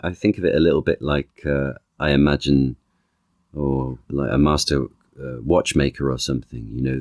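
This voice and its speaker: A man with an extremely deep, low voice talks through ideas as a podcast guest. He restarts phrases often and keeps reaching for one analogy after another. The sound is dry and close, with no room around it. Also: a little mellow, no room sound. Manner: thoughtful, stacks analogies, frequent restarts and "you know". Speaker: podcast guest, actor and author. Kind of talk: conversational interview.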